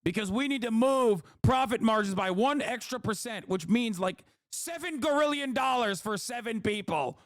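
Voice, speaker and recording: A man's voice: very high voice, expressive, normal speed, hardly any pauses, fairly bright tone, no echo, studio quality. A man voicing a greedy male corporate executive who rants and screams about profits. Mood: furious. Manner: ranting, screaming demands.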